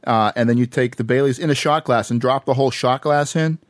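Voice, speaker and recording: A man hosting a casual podcast chat, relaxed and quick to laugh. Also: mid-range voice, no room sound, clean studio sound. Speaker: podcast host.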